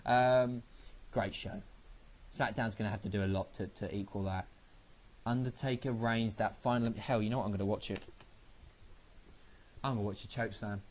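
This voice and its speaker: A man giving a casual spoken review of a wrestling show, excitable and rambling, swearing freely. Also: on the low side, moderate pace, pauses often.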